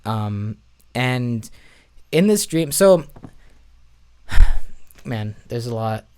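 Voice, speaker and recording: A man's voice: mid-range voice, expressive, extremely slow, a little mellow, clear, resonant tone. A man telling a long personal story in a podcast chat, rambling with frequent restarts. He plays music for a church. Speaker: podcast guest. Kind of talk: casual storytelling.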